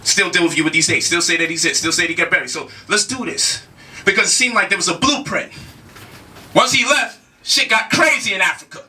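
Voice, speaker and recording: Very high-pitched, bright, emphatic man. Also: brisk, recorded from a distance. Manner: emphatic, repeats rhetorical questions, casual slang. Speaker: speaker challenging a debate opponent. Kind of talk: heated spoken lecture.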